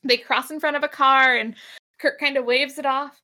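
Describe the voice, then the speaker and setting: A woman's voice: high voice, fairly even intonation, moderate pace, pushed and bright. A young woman co-hosting a casual chat, animatedly retelling a TV episode, putting on characters' voices and laughing often. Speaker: podcast co-host recapping an episode.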